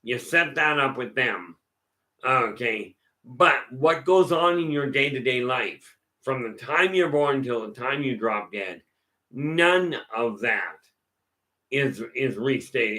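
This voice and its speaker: Fielding viewer questions in a casual live Q&A, a man tells stories in a rambling way, restarting his sentences often. His voice is mid-range with a sharp tone.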